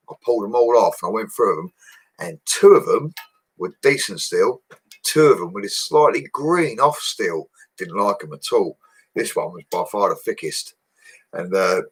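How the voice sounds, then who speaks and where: A man's voice: fairly low pitch, a bit bright. A young man, chatting casually on a home livestream, laughing often and answering viewers' comments. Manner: laid-back, chatty, laughs often, slangy. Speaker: bricklayer livestream host. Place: home, indoors.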